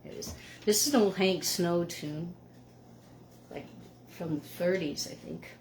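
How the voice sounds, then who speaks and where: A tired woman from Canada, chatting casually between songs as host of a music show, laughing easily and sometimes hushing her voice. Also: lowish voice, a little slow, slight background noise. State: tired from lack of sleep. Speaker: musician hosting a live show.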